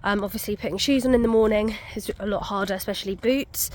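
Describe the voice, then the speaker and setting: A woman's voice: mid-range voice, fast, darkish tone, slight background noise. A young woman, out of breath, chatting casually to camera on a muddy country walk with many ums. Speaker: vlogger. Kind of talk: casual walking vlog.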